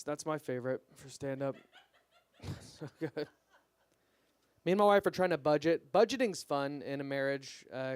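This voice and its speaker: A young man performing a stand-up comedy set at an open mic, deadpan and self-deprecating, his punchlines trailing off quietly. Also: a little high, clear, resonant tone, dry recording. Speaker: stand-up comic.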